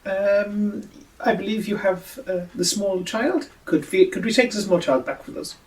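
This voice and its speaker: A man's voice: high voice, fairly even intonation, a little slow, a little mellow, far from the mic, rough recording. A man voicing a blunt, sweary male adventurer.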